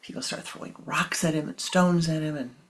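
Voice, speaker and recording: A spiritual teacher giving a sermon and telling a story slowly and softly, at times in a whisper. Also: medium pitch, fairly even intonation, slight background noise, rough recording. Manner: slow, soft, partly whispered.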